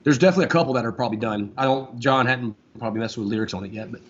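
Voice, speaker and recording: A Florida man in his forties, appearing as a guest guitarist in a casual interview, rambles in a relaxed way full of fillers. His medium-pitched voice races along over slight background noise, and the recording sounds dull and lo-fi.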